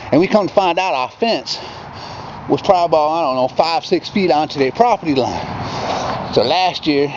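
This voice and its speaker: A man's voice: fairly high pitch, lively intonation, moderate pace, background noise. Rambling man ranting outdoors on camcorder. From Michigan. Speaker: vlogger. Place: outdoors by a yard fence and campfire at dusk. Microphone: handheld camera. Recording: dull lo-fi camcorder audio with faint outdoor ambience.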